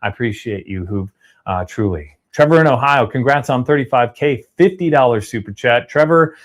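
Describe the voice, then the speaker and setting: A man hosting a casual livestream, chatty and upbeat as he reads out viewer donations and shout-outs. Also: medium pitch, moderate pace. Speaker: livestream host reading super chats.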